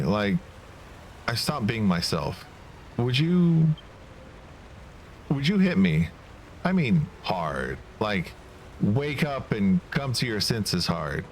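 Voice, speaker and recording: A man voicing a blunt young male companion in a game, low and earnest. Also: very animated, slow pace, pauses often, soft background music. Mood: troubled.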